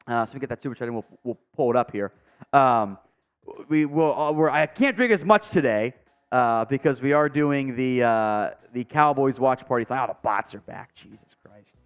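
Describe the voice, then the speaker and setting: A man's voice: medium pitch, moderate pace, clear, resonant tone, faint music behind. A man hosting a live sports stream from a home setup, reading viewer comments aloud in a chatty, joking way with mumbled asides. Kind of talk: casual live stream chat.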